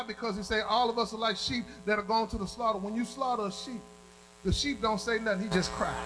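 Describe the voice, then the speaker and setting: A man preaching a fervent sermon, chanting and shouting to his congregation and calling for amens. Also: sits high, noisy background. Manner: calls out to the congregation.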